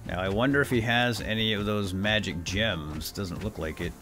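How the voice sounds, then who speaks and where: A man hosting a gameplay video, muttering quietly to himself and then shouting with excitement. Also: on the low side, normal speed, faint music behind. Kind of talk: excited let's-play commentary.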